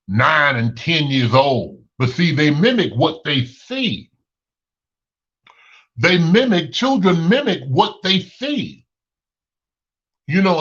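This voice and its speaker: Bright-voiced preachy Chicago man. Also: a little high, slightly rough. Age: 30s. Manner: preachy, repeats himself for emphasis. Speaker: host. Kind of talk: casual opinion monologue. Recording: lo-fi muffled recording.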